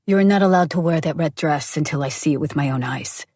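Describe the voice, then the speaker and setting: Hushed commanding British lover, as a woman puts him on. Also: low voice, brisk, dry recording, studio quality. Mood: commanding, teasing. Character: suave commanding man, British-accented lover.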